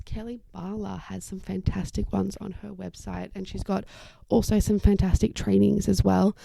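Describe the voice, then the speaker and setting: A woman's voice: mid-range voice, gravelly, dry recording. A woman hosting an occupational therapy podcast, explaining ideas in a casual, chatty way and briefly acting out the voices of the people she quotes. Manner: warm explanatory, acts out little quoted voices. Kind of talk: casual educational talk.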